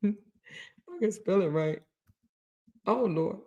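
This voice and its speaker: A woman hosting a livestream. She chats casually with her viewers in an animated, teasing way and reads their comments aloud. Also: mid-range voice, takes it slowly, dull audio. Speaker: livestream host. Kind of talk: casual chat with live viewers.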